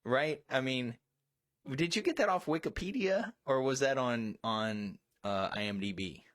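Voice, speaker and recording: A man co-hosting a casual chat, rambling, profane and quick to get excited. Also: medium pitch, dry recording, studio quality. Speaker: co-host.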